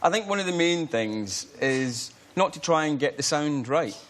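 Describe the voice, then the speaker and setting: A man's voice: fairly high pitch, lively intonation, normal speed, a bit bright. A Scottish man, a guest actor, chatting casually on a talk show, self-deprecating and laughing as he tells stories. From Scotland.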